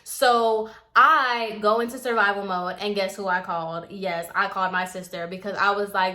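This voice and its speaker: A young adult woman telling a personal story in a chatty, expressive way, peppered with "like". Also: mid-range voice, moderate pace. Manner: chatty and expressive, heavy use of filler "like". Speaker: storytime vlogger. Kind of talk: casual storytelling.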